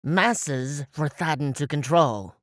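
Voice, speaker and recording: A man voicing a pale, sinister mist woman who speaks slowly and ominously in an audiobook. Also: fairly high pitch, expressive, no echo, studio quality. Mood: menacing.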